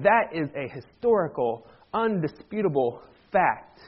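A man's voice: fairly high pitch, lively intonation, unhurried, lo-fi sound. A man, a pastor, giving a joking, conversational sermon to his congregation and drawing them into call-and-response. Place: church sanctuary.

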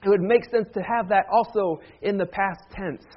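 A pastor with a high, light voice delivers a relaxed Easter-season sermon, teasing and joking with his congregation. He talks conversationally and pulls the room into call-and-response. The recording is dull and lo-fi. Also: moderate pace. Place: church sanctuary.

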